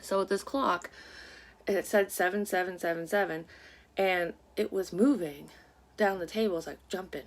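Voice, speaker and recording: A woman's voice: on the low side, normal speed. A woman in her thirties, a psychic vlogger, chatting casually; she rambles with many fillers and curses, sounds congested and a bit sleepy. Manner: rambling, profane, lots of fillers. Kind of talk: casual chat.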